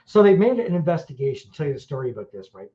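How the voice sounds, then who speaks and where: A man's voice: fairly high pitch, sing-song, quick pace, mellow. Blunt rambling man, roomy dull recording. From Wales. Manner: blunt, crude, rambling with many fillers. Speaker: podcast host. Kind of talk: casual chat.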